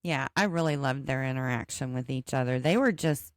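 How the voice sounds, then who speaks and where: A woman's voice: a bass voice, fairly quick, dry recording, clean studio sound. A woman co-hosting a podcast, chatting casually and reflecting on the show's couples in short agreeing replies. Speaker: podcast co-host. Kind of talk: casual recap chat.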